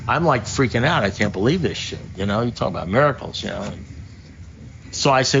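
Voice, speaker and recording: A man tells a joke story at a recovery meeting in a casual, profane voice and often restarts his sentences. His pitch sits in the middle range. The recording is a little muffled, with a faint hiss. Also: lively intonation, fairly quick, vocal fry, a bit bright.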